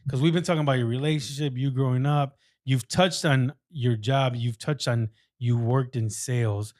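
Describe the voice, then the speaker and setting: A man's voice: mid-range voice, fairly even intonation, normal speed, a little mellow, no room sound, clean studio sound. Man hosting a casual interview. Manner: short eager prompts and backchannels. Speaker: host.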